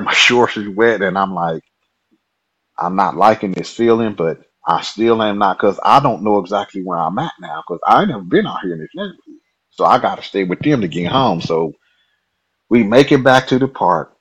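A man guest telling a personal story in a lively, colloquial way. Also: lowish voice, a little fast, slightly rough, dull audio.

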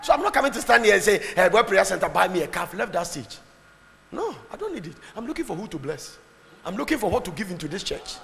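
A man preaching a fervent sermon, swinging between shouts and low asides. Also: big pitch swings, fast, gravelly. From Ghana. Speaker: pastor. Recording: long hall reverb, faint background noise.

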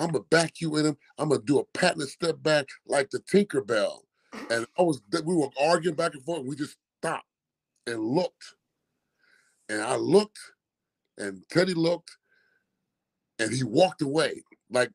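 A man's voice: medium pitch, rough recording. This is a man in his sixties from Philadelphia, an ex-ballplayer holding court as a podcast guest. His voice sits right in the middle register. He tells his stories with gusto, slipping into the voices of the people he quotes. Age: 60s. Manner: animated storyteller who acts out quoted dialogue. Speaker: guest, former college basketball player. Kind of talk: casual storytelling interview.

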